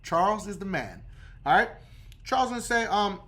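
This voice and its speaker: A man's voice: sits high, lively intonation, moderate pace, bright, forceful tone. A man hosting a casual how-to talk on credit repair, who checks in with "okay?" after nearly every point.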